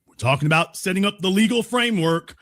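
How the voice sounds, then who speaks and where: A man reads out a news story and tears into it. His voice sits high for a man and rings sharp and bright. His delivery is heated and sarcastic, and he sometimes breaks into shouting. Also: lively intonation, fast. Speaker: commentator. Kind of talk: news commentary.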